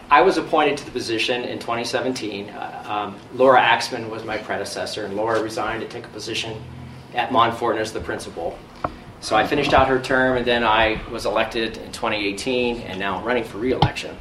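A man from Ohio giving a relaxed, anecdotal candidate introduction at a public forum. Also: medium pitch, brisk. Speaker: political candidate. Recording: echoey room from far off, noisy.

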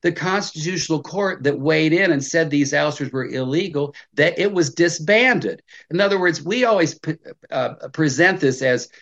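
A man's voice: fairly high pitch, moderate pace, a bit bright. An American professor in his sixties answering interview questions emphatically, often restarting his sentences. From United States. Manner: emphatic, with frequent restarts and stammered openings. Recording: muffled lo-fi audio.

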